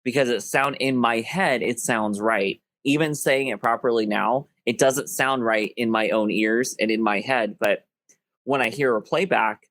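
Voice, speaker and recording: A man with a nasal voice and a Southern US twang, talking candidly and quickly with an effeminate lilt as a podcast co-host. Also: medium pitch, fairly bright tone, no echo. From US, Ohio and Florida. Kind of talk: casual chat.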